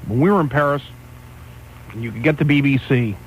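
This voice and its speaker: A man's voice: medium pitch, a little fast, muffled recording, slight background noise. A man hosting a talk radio show, ranting and rambling in casual banter. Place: radio studio.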